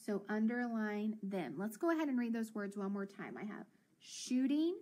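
A woman teacher giving a phonics lesson to young children, sounding out letters slowly and praising answers with a patient, encouraging manner. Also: medium pitch, animated, a little mellow.

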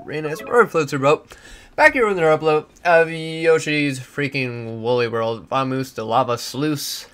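A man hosting a video game let's play, talking to the game with sudden loud outbursts. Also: on the high side. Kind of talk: gameplay commentary. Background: game music.

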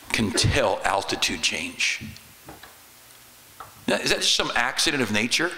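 A middle-aged man, a pastor, preaching a sermon in a church, shifting between loud exclamations and quiet asides. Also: mid-range voice. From United States. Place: church sanctuary. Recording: church hall reverb.

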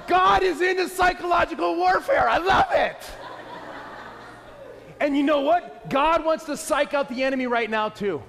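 A man preaches a lively, playful sermon in a very high voice. He swings between loud exclaims and hushed asides. The sound carries the long echo of a church hall. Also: normal speed, gravelly, some chatter behind. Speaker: pastor. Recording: echoey hall.

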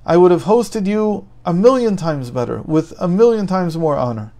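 A man's voice: high voice, lively intonation, moderate pace, dark tone, pitched above the performer's own voice. A man quoting a wealthy host who pleads and apologizes for failing to honor his guest. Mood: pleading. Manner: apologetic, insistent.

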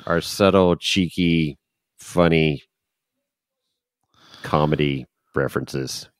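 A man's voice: very deep voice, takes it slowly, clean tone, no room sound, clean studio sound. A man co-hosting a podcast, chatting casually and laughing easily. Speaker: podcast co-host. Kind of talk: casual chat.

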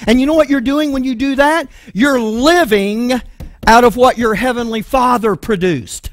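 A man's voice: very high voice, normal speed, no room sound, studio quality. A man with a Texan accent preaching a sermon, emphatic and full of rhetorical questions. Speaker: pastor.

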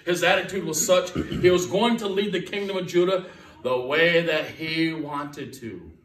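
A man's voice: a little high, measured pace, fairly bright tone, a little hiss or hum. A man preaching a sermon as guest pastor, emphatic and folksy, repeating his key lines for weight. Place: church sanctuary. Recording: echoey church from far off.

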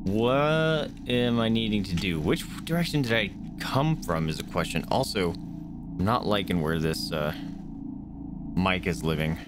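A man's voice: low voice, animated, unhurried, noisy background. A man streaming a video game, chatting casually and reacting aloud to what happens. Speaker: gaming streamer. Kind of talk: casual let's-play commentary. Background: faint game music.

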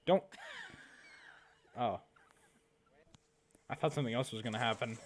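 A man's voice: medium pitch, unhurried. A teenage boy doing casual reaction commentary, rambling and chatty, laughing at his own jokes. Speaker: YouTuber reacting to videos.

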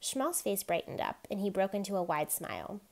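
A woman reading a novel aloud in steady, quiet narration. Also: mid-range voice, moderate pace, creaky. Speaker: reader.

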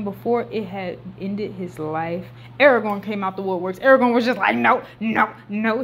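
A young woman recaps a film in a loose, chatty vlog voice. She bounces from quiet, muttered asides to sudden loud bursts. A faint hiss of background noise sits under the recording. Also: medium pitch. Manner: animated, slangy, swings between hushed and loud outbursts. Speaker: movie recap vlogger. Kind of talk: casual excited movie recap.

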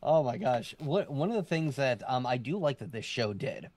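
A man's voice: medium pitch, moderate pace, dry recording. Man chatting on a dry close mic. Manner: relaxed, explains at length with fillers. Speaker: podcast co-host. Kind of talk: casual chat.

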